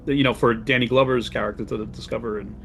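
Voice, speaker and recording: A man in his forties, a podcast guest and horror filmmaker, chatting casually and telling stories with animated laughter. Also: mid-range voice, fast, gravelly, loud music behind the voice.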